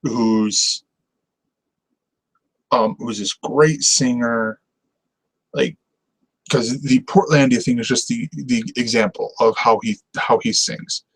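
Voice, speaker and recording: A man's voice: mid-range voice, steady tone, slow pace, long pauses, fairly bright tone, slightly rough, low-quality recording. A man hosting a casual TV review show, talking in an enthusiastic, rambling way and laughing often. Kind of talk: casual on-camera review chat.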